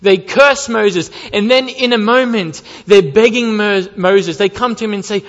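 A man's voice: sits high, a little slow, few pauses. A man preaching a sermon, emphatic, repeating key lines and asking rhetorical questions. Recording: dull lo-fi sound with long hall reverb.

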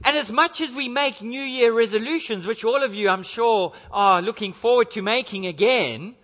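A man's voice: extremely high pitch, moderate pace, a bit bright. A male pastor preaching an earnest sermon in a church, driving his points home with repeated rhetorical questions. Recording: dull lo-fi sound with long church reverb.

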